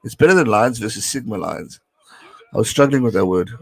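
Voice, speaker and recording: A man's voice: fairly low pitch, animated, brisk, gravelly, slightly rough, rough recording. A young man giving casual live watch-along commentary on a rugby match, chatting with viewers and reading out their messages.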